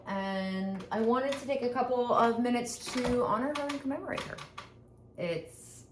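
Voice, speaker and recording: A woman guest presenting a prepared tribute, speaking deliberately with lively emphasis. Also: medium pitch, roomy sound, noisy background. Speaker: guest giving a tribute to her mother.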